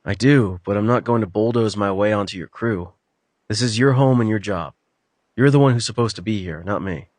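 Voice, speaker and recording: A man gives an earnest young jock a slightly low, eager and persuasive voice in an audiobook. The sound is dry and close to the mic. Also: fairly quick, a little mellow, dry recording, natural voice. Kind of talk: audiobook character voice.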